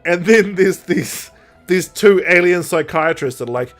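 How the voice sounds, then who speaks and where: A man co-hosting a podcast, casually recapping an audio drama and acting out the characters' lines with big jumps in pitch and loudness. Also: lively intonation, unhurried, soft background music. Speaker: podcast co-host.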